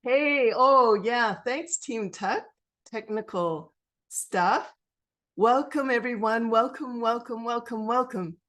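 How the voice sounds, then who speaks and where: A woman's voice: fairly high pitch, slow, fairly bright tone. A woman moderating an online book reading over a video call, chatty and encouraging with casual fillers.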